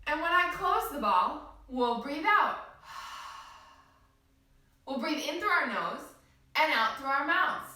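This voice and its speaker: A woman teaching a kids' yoga class, her high, bright voice swooping up and down as she coaxes the children along. She talks slowly and gently, asking questions to keep them with her. The sound is very echoey and picked up from a distance. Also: very animated.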